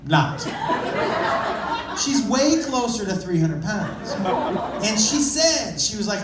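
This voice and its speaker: A man telling a story in a stand-up set, punchy and loud at times, swearing freely. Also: high-pitched, big pitch swings, slow pace, pauses often, noisy background. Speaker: stand-up comedian. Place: comedy club stage with a live audience. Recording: echoey, distant live club recording with a loud crowd.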